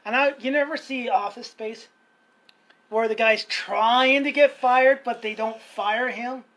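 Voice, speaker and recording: A woman's voice: on the high side, steady tone, a little slow, fairly bright tone, rough recording. Rambling young woman telling work stories. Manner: rambling, laughs often, acts out quoted dialogue. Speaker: storyteller in casual chat. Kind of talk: casual chat.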